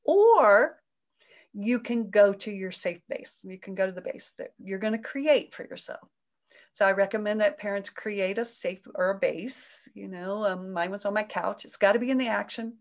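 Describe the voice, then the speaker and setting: Woman coaching parents, soothing and expressive. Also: moderate pace. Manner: acts out quoted voices with big pitch jumps; gentle, soothing asides. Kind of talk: explanatory interview talk.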